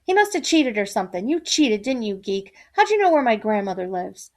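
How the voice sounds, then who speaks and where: A woman's voice: on the high side, sing-song, fairly quick, darkish tone. A woman voicing a popular, scornful teen girl who taunts a classmate. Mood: taunting. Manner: sneering, taunting.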